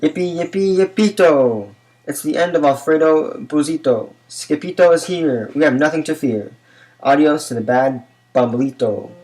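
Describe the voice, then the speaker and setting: A man's voice: fairly high pitch, normal speed, darkish tone, pitched above the performer's own voice, lightly acted. A man reading aloud and voicing a band of little dogs chanting in celebration. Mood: jubilant. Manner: cheering, chanting. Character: band of small cheering Chihuahua dogs.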